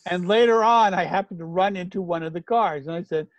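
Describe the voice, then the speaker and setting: A middle-aged man telling anecdotes in casual chat, animated and vivid. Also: sits high, fairly quick, dry recording, lo-fi sound. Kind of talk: casual storytelling.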